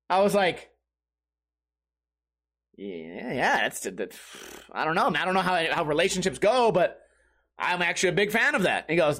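A man's voice: fairly high pitch, very animated, normal speed, long pauses, fairly bright tone. A man hosting a comedy podcast, telling a story in a loose, rambling way, quoting his friends and stumbling over repeated words. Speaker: podcast host.

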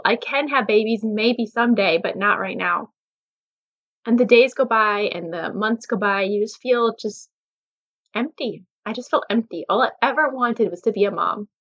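A woman's voice: mid-range voice, fairly bright tone, muffled recording. Emotional woman sharing a personal story. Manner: emotional, candid, faith-centered. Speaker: podcast host.

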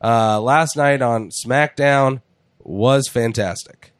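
A man's voice: medium pitch, takes it slowly, smooth, dry recording. Profane joking man in casual chat. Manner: profane, jokey, acts out voices. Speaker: podcast host.

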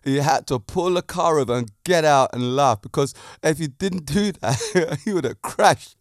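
A man hosting a casual podcast monologue, animated and often laughing at his own jokes. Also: a little high, moderate pace, dry recording, clean studio sound. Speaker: podcast host.

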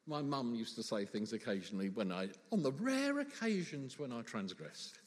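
A man's voice: mid-range voice, big pitch swings, normal speed, few pauses, long reverb tail. A man preaching a sermon in church, conversational and humorous, full of rhetorical questions.

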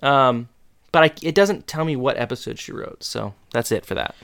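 A man co-hosting a casual podcast, low-key and a little tired as he recaps an episode. His voice is smooth and resonant. The sound is close and dry. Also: animated, normal speed, a bit bright, no room sound. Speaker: podcast co-host. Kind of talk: casual rewatch podcast chat.

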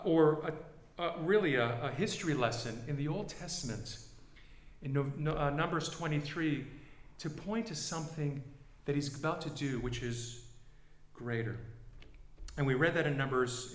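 A male pastor with a high, bright voice delivers a dramatic sermon, dropping to a hush and then rising to a shout. The room around him rings with echo. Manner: dramatic, swings from hushed to shouting.

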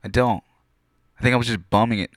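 A man's voice: medium pitch, fairly even intonation, quick pace, dry recording, clean studio sound. A young man casually telling a rambling, profane story with lots of fillers.

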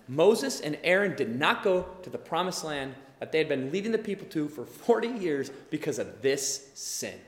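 A male pastor preaching a sermon in an animated way, acting out the people he talks about. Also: a little high, moderate pace, hardly any pauses. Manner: animated, acts out quoted voices. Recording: echoey hall with long reverb.

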